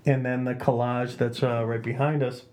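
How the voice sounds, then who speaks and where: A man hosting a casual home podcast, relaxed and joking, laughing often. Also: mid-range voice, moderate pace. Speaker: podcast host. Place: home podcast room with blankets on walls.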